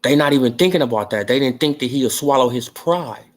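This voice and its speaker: A man's voice: medium pitch, a little fast. A man hosting a casual boxing talk show, talking back to his chat, emphatic and slangy with plenty of cursing. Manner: emphatic, profane, slangy, fired-up. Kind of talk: casual opinionated sports talk.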